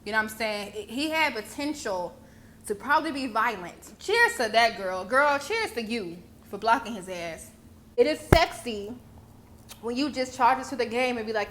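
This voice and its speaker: A woman's voice: fairly high pitch, lively intonation, normal speed, fairly bright tone. A young woman. She is sassy, blunt and freely profane. A faint hiss of noise sits under the recording. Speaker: vlogger commentator. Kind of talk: casual commentary.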